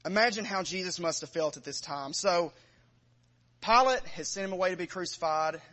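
A man's voice: high-pitched, moderate pace, pushed and bright. A man preaching a sermon, reading scripture aloud with rising emphasis and then speaking plainly to his congregation.

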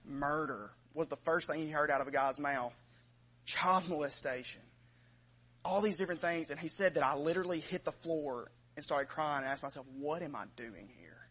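A preacher, a man with a slightly raised pitch, tells a conversion story to his congregation. He slips into the quoted voices and drops them low and quiet, then swells again when he returns to his own narration. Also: normal speed. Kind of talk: sermon storytelling.

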